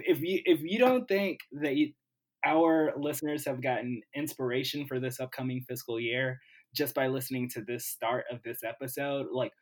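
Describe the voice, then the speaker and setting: A man hosting a podcast, asking questions in a rambling, hesitant way with many fillers. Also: medium pitch. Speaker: podcast host. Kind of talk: casual interview talk.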